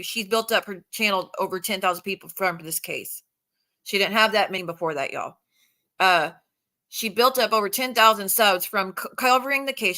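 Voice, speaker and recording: A woman's voice: mid-range voice, bright, forceful tone. A woman hosting a livestream, telling a story in a rambling, frank way with some swearing. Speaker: livestream host. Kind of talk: casual chat.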